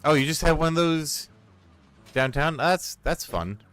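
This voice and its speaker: A man chatting casually and rambling while playing a game, swearing freely and getting excited. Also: fairly high pitch, measured pace, smooth, dry recording. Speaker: streamer and storyteller.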